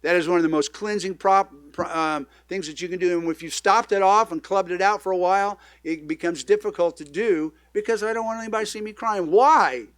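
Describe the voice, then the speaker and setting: A middle-aged man who pastors a church, preaching in a loose, conversational way, now loud and now hushed. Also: high-pitched, fairly quick, hardly any pauses, no echo, studio quality. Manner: conversational, animated preaching with sudden swings in loudness. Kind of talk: sermon.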